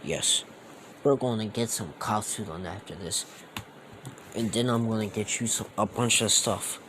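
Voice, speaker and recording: A man's voice: on the low side, moderate pace, background noise, natural voice. A young man voicing an earnest, fatherly superhero captain in a fan story, giving solemn, heartfelt speeches to his son. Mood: remorseful.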